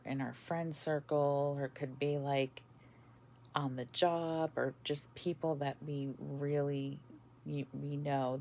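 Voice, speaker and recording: A woman podcast host telling about a dream in a casual, halting way, with many fillers and restarts. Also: extremely low pitch, a little mellow, a little hiss or hum. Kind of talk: casual spoken testimony.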